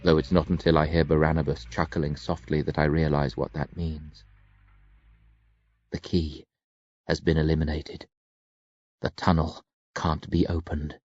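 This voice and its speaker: A man narrating an audiobook with a dramatic, expressive reading. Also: rumbling low, measured pace, long pauses, no room sound, dull audio.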